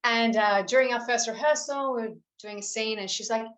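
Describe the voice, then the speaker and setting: A woman's voice: a little high, normal speed, a bit bright, echoey room. A woman from Australia, an actress guest chatting in an upbeat, gushing way during an interview. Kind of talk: casual interview chat.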